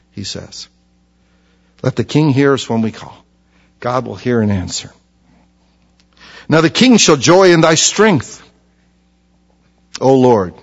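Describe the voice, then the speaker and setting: A man preaching a sermon, emphatic, repeating key phrases and dropping to a hushed, low voice for stress. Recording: long hall reverb.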